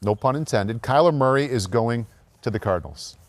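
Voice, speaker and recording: A man's voice: medium pitch, expressive, a little fast, dry recording. A man in his forties co-hosting a sports podcast, easygoing and steering the conversation. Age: 40s. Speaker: podcast co-host. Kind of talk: casual sports chat.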